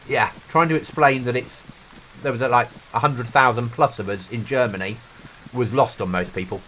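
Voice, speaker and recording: A man's voice: mid-range voice, moderate pace, fairly bright tone, a little hiss or hum, poor audio. A middle-aged British man streaming a game, chatting earnestly and telling stories to a friend. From Britain. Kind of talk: casual chat while gaming.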